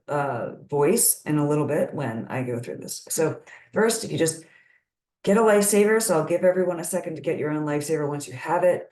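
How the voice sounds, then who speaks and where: A woman presenting an online parenting workshop, calmly guiding listeners step by step through a grounding exercise. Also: low-pitched, reverberant. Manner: calm, instructional, guides a grounding exercise step by step. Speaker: community health presenter.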